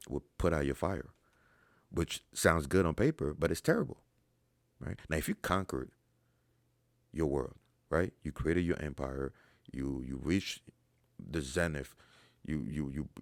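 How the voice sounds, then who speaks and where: Gravelly deep-voiced man, blunt and profane. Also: no echo. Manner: emphatic, profane, swings between low mutters and sudden loud bursts. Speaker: dating coach answering viewer questions. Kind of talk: casual Q&A monologue.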